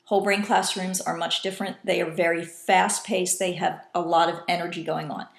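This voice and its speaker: A woman's voice: lowish voice, flat delivery, normal speed, creaky. A woman teacher explaining a classroom technique to other teachers in a patient, instructional way, now and then acting out calls in different voices. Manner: patient, demonstrating call-and-response in varied voices. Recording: echoey room.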